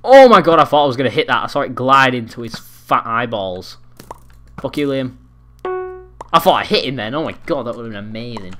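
A sixteen-year-old boy doing excitable, foul-mouthed gameplay commentary, trash-talking other players. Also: mid-range voice, brisk. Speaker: gaming commentator.

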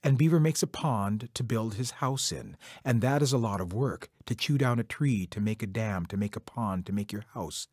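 In a lowish, somewhat mellow voice, a storyteller relates a traditional folk tale to children at a moderate pace with few pauses, speaking conversationally and directly to them. It's recorded with studio quality and no echo.

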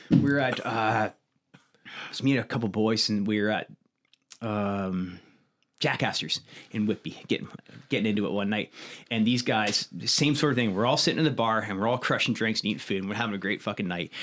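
A man's voice: lowish voice, fairly bright tone. A man, a podcast host and martial arts coach, telling rambling stories full of swearing in casual chat. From Canada. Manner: profane, rambling storyteller.

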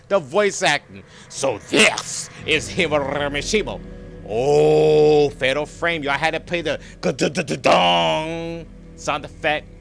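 Brief: man, 30s, gaming host, joking and slangy, forceful bright voice. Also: a little high. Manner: hyped, slangy, joking, talks to viewers as y'all. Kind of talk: let's play horror commentary.

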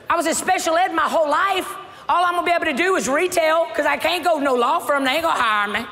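A woman, preaching a sermon with humor, often shouting. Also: high-pitched, fast. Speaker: pastor. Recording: church hall reverb with faint crowd.

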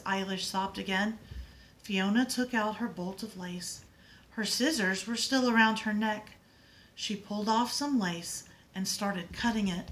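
A woman reading a picture book aloud in an expressive, dramatic way. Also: medium pitch, measured pace, rough recording.

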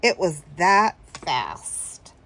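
A woman's voice: on the low side, very animated, extremely slow, sharp tone. A woman telling a story casually to her viewers, rambling with fillers and chuckling now and then. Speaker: vlogger.

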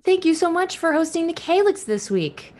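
A woman's voice: very high voice, sing-song, moderate pace, darkish tone. A woman who produces the show, chatting playfully and reading a sponsor plug. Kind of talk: casual chat.

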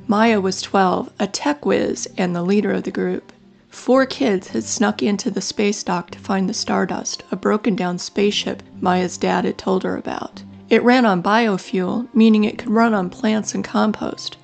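A woman reads a children's space adventure aloud in a calm, measured way. Her voice has a gravelly edge. Soft music plays faintly behind her. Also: medium pitch. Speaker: storyteller. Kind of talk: children's story narration.

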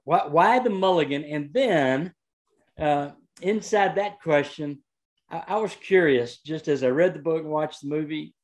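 A male host with a somewhat high voice opens the session politely and sets up his questions at length. He sounds measured and courteous. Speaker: interview host. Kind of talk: conversational interview.

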